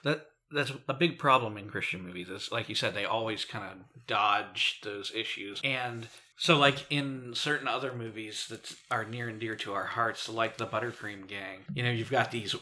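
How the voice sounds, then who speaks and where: A man's voice: lowish voice, normal speed, few pauses, sharp tone. A man co-hosting a casual movie review podcast, recapping the plot in a rambling, easygoing way and laughing often. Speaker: podcast co-host.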